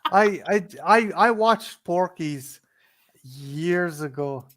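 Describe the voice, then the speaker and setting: A man's voice: sits high, lively intonation, drawn-out words, a bit bright. Swearing man, stammering restarts. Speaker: podcast co-host. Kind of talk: casual chat.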